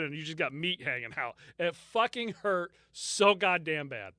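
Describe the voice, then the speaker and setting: Male podcast co-host, casual storyteller, slightly high, dry close sound. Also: lively intonation, moderate pace, hardly any pauses, sharp tone, dry recording. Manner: storytelling, swears freely, laughs often. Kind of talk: casual true-crime podcast chat.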